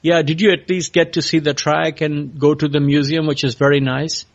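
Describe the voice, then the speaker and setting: A man hosts a podcast interview, pausing and restarting as he asks his questions. His voice sits a bit high. The sound is muffled and lo-fi. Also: flat delivery. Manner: halting, asks questions with many pauses. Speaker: podcast host. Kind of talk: interviewing a guest. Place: California.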